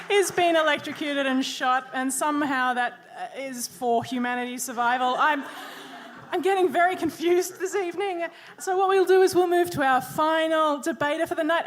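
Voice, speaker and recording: Female MC, high bright voice, playful teasing intros, crowd faintly behind. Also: normal speed, a little hiss or hum. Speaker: host. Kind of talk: live event hosting.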